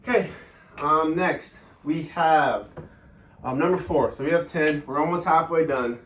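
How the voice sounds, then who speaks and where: A man teaching a guided workout lesson, explaining each step with many ums and pauses. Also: a little high, a bit bright, far from the mic, slight background noise. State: out of breath during exercise. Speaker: fitness instructor. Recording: echoey room, voice off-mic.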